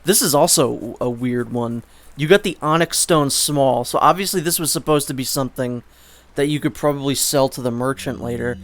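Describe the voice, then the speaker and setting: At a moderate pace and mid-range pitch, a man gives rambling, chatty let's play commentary with slight background noise. He keeps restarting sentences and swears suddenly from time to time.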